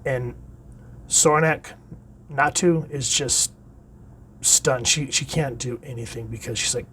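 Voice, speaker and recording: A man hosting a casual solo comic book review. He reads the comic's dialogue aloud with enthusiasm, and his voice often trails off quietly at the end of phrases. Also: medium pitch, a little slow, long pauses, slight background noise.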